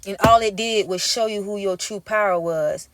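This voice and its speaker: A woman's voice: mid-range voice, normal speed, background noise. A woman giving a tarot reading as an emphatic, profane pep talk in casual street slang. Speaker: tarot reader. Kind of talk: intuitive tarot reading monologue.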